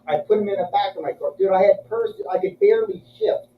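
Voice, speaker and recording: A man casually tells crude, profane stories, doing the voices of the other people in them. His voice sits high and fast, with a little hiss or hum, in an echoey, muffled room recorded from a distance.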